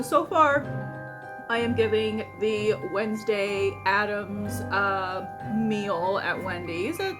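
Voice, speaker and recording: Young adult woman, casual vlog host, meandering filler-heavy delivery, middle pitch, music bed. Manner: rambling, many fillers and restarts. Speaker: vlogger and host. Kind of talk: casual food vlog chat.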